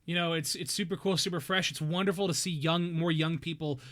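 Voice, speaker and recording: A man streaming a game, chatting casually and telling a rambling, excitable story. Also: fairly high pitch, fairly quick. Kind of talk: casual chat.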